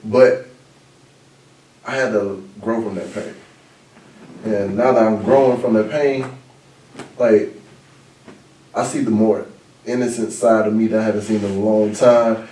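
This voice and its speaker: A man hosting a podcast in casual chat, blunt and animated, talking in quick bursts. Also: lowish voice, far from the mic, a little hiss or hum. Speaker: podcast host. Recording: roomy echo, mic set back.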